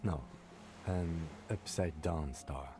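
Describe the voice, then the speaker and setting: A man voicing a reserved police lieutenant in a game, calm and matter-of-fact. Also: sits low, slow pace. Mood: dry. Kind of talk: game dialogue voice acting. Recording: game audio with loud music.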